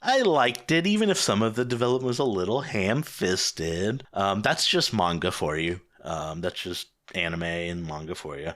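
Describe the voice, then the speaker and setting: A man from North Carolina, co-hosting a podcast in casual chat, wry and quick to laugh. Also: low voice, lively intonation, fairly bright tone. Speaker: podcast co-host.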